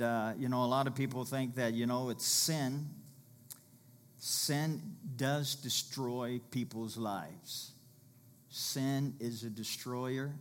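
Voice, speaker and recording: A man preaching a sermon in a conversational way, telling stories and rising to loud calls. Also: medium pitch. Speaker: pastor.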